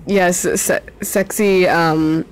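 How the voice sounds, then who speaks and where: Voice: medium pitch, steady tone, very slow, a little hiss or hum. A teenager giving casual, giggly commentary while drawing, self-mocking and swearing often, often trailing off and starting over. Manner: rambling, trails off and restarts often. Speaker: drawing vlogger.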